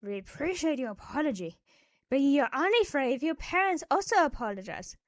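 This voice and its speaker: A woman voicing a stern masked kidnapper man in an animated story, giving firm, threatening ultimatums. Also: high voice, fairly quick.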